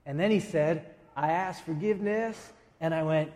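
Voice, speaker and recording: A man preaching a sermon as a pastor, emphatic, with dramatic pauses and quick asides. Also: on the high side, fairly even intonation, a little mellow, long reverb tail. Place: church sanctuary.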